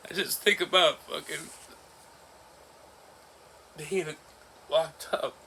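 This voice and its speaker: Guy in his 40s vlogging, really sharp tense voice, halting and shaky, nervous little laughs. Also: on the high side, steady tone, creaky, a little hiss or hum. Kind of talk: personal vlog recounting an ordeal.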